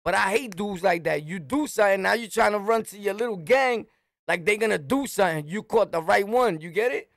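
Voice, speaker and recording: A middle-aged man from Brooklyn with a New York accent, telling a street story in a swaggering, animated way and shouting his punchlines. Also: sits high, a little fast, vocal fry, no room sound, studio quality. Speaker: storyteller, channel host.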